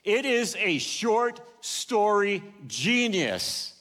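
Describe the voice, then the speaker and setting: An older male pastor delivers a sermon in a church auditorium, his storytelling rising and falling in loudness and pace. His voice is fairly high for a man and swings widely in pitch. A long reverb trails behind him from the large hall. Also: big pitch swings, very slow.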